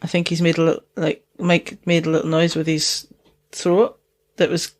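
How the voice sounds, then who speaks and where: This podcast co-host is a woman from Dundee, Scotland, speaking in a low voice with a totally flat delivery at normal speed. Her Dundonian accent has a hint of Geordie, and she rambles casually, swearing and laughing a lot.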